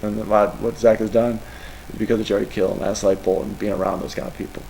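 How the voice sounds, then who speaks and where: A man's voice: fairly low pitch, level tone, fast talker, darkish tone, slight background noise, low-quality recording. A middle-aged man, a college football coach, answering press questions in an emotional, rambling way. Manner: emotional, rambling, tearful at times.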